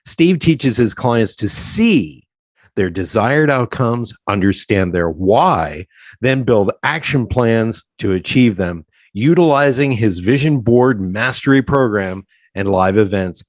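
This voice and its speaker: A man from South Central Pennsylvania hosting a casual podcast interview, chatty and quick to laugh. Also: fairly low pitch, animated, no room sound. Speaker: podcast host.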